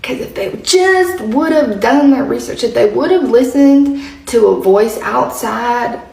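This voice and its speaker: A woman telling a story casually, chatty, laughing often and dropping to a hush when she quotes someone. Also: a little high, lively intonation, unhurried, creaky, echoey room, far from the mic, low-quality recording. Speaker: social media commentator.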